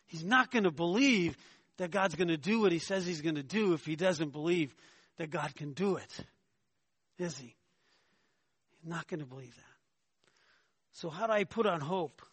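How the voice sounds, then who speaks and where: This fairly high, husky, somewhat bright voice belongs to a pastor pressing his sermon home at a normal pace with frequent pauses. He keeps asking the congregation "right?" and rises in pitch when arguing, all captured in a close, dry recording without echo.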